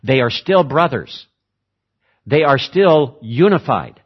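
A man preaching a sermon, emphatic, repeating words for stress and switching between slow, weighty phrases and quick runs. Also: mid-range voice, lively intonation, breathy edge, highs cut off. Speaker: pastor.

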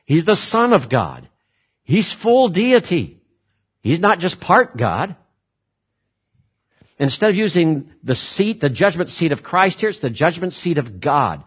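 Emphatic male preacher, husky and animated. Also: a little high, highs cut off. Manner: emphatic, repeats words for stress, shifts between slow and rapid delivery. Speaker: pastor. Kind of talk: sermon.

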